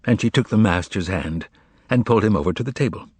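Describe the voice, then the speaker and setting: A man reading a novel aloud as an audiobook narrator, with expressive, measured storytelling. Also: fairly low pitch, breathy edge, no echo. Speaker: audiobook reader.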